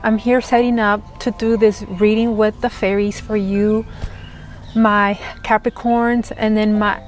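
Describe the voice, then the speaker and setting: A woman giving an excited, gushing tarot reading, giggling as she talks. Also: mid-range voice, unhurried, soft background music. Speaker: tarot reader.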